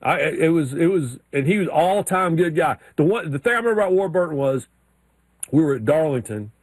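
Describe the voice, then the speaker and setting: Man, sports radio co-host, animated storyteller, fairly high voice, dry sound. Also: a little fast, breathy edge, no echo. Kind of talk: casual sports chat.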